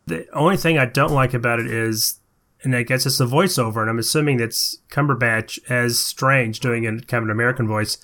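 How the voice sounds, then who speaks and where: A man's voice: medium pitch, fairly quick, a bit bright. A man co-hosting a podcast in casual chat, conversational with hesitant restarts. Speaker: podcast co-host.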